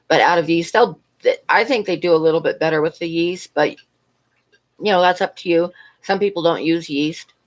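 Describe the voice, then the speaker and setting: A middle-aged woman with a fairly low voice chats casually on a livestream. She wanders through a long personal story and stops to greet viewers and answer their questions. Her talk is loose and full of asides. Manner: rambling storytelling, answers chat between stories. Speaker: livestream host.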